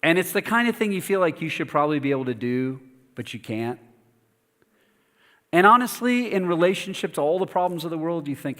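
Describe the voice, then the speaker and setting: Lively pastor telling a story in a reverberant hall. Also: male voice, a little high, a little fast. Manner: animated storytelling, self-mocking, lively asides. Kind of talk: sermon with personal story. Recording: long reverb of a church hall.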